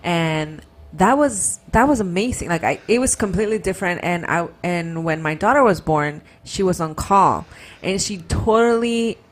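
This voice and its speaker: Low-voiced woman co-host, hesitant. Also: lively intonation, moderate pace. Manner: hesitant, restarts often. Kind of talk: casual podcast conversation.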